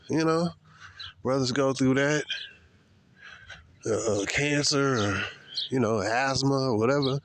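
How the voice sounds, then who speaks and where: A man gives a casual, sermon-like talk outdoors while out on a brisk walk. His speech is slangy and emphatic, and he hammers his points home by repeating them. His breathing is heavy from the pace of his walk. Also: medium pitch. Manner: talks while walking fast, breathing hard. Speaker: vlogger. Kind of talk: casual preachy monologue.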